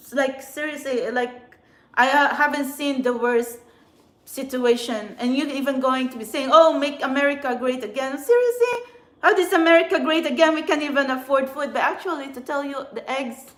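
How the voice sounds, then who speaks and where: A woman's voice: high voice, reverberant. Agitated, swearing woman venting. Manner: agitated, swears often, swings between quiet and loud. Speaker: spiritual channeler and tarot reader. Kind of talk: emotional venting monologue. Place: outdoors in a city.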